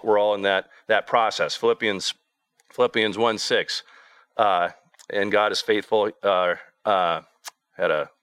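Guy preaching a sermon, earnest, keeps restarting his sentences, bright voice, dry sound. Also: fairly low pitch, dry recording. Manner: earnest, halting, with many repeated words and restarts.

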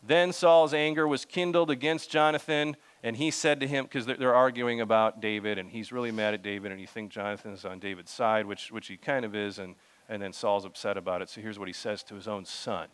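A man's voice: on the low side, fairly even intonation, fairly quick, a bit bright, smooth. A young man preaching a sermon in a conversational way, reading scripture and talking to the congregation with frequent restarts and asides. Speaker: pastor.

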